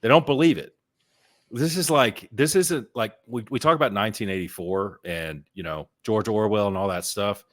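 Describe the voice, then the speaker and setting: A man's voice: on the low side, moderate pace, a bit bright. A man co-hosting a podcast in casual chat, telling stories and often repeating words while he finds his thought. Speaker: podcast co-host.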